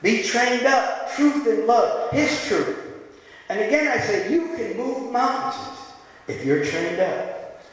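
A man preaching a sermon as pastor in a church, impassioned, swinging from quiet, gentle stretches to shouting. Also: very high voice, lively intonation, takes it slowly. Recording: echoey hall.

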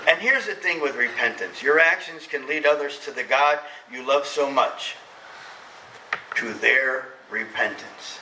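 A middle-aged man preaching a sermon as pastor, emphatic, swinging between loud preaching and soft confiding. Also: medium pitch, measured pace, far from the mic, slight background noise. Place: church sanctuary. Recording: echoey church hall from off-mic.

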